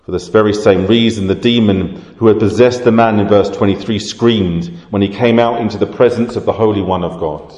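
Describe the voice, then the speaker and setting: A low-pitched man delivers a sermon, explaining scripture in a steady, measured way. His voice rings out with a long reverb, as if recorded in a large, roomy hall. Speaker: preacher.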